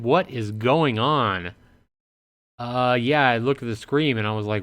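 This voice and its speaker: A man streaming a visual novel, reading the text aloud into a close mic and breaking into excitable outbursts. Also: mid-range voice, measured pace. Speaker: game streamer.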